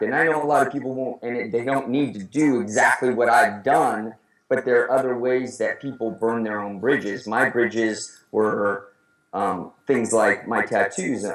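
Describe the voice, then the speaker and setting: A man talking earnestly as an interview guest, often restarting his sentences. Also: medium pitch. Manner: earnest, halting with many restarts. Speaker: guest speaker. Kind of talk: casual interview talk. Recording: roomy echo.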